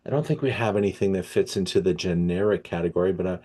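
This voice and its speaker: A man's voice: low-pitched, quick pace, dark tone. A man hosting an educational wine session, easygoing and hesitant with many fillers. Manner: easygoing, with many ums and uhs. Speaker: wine shop host.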